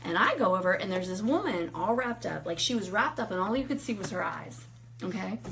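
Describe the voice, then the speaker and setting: In a casual conversation, a woman in her thirties shares her personal faith testimony with a brisk, creaky, medium-pitched voice. She's animated, acting out quotes and laughing often.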